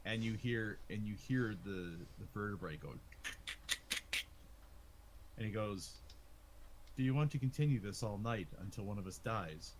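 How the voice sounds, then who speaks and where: A man running a tabletop game as game master, narrating the action in a lively storytelling manner and laughing easily. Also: lowish voice, a little hiss or hum.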